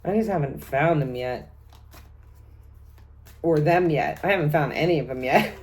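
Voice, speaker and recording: A woman's voice: low voice, normal speed, a little mellow. A middle-aged woman giving a casual tarot reading, chatty, laughing often and reeling off card meanings as lists. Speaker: tarot reader.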